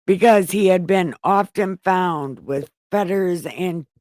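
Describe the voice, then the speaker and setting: Slow, irreverent woman reading scripture. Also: on the low side, a little mellow, no echo. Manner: irreverent, swears while paraphrasing; rambling, self-correcting, talks to an empty chat. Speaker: livestream Bible reader. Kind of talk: casual live Bible reading with chatty asides.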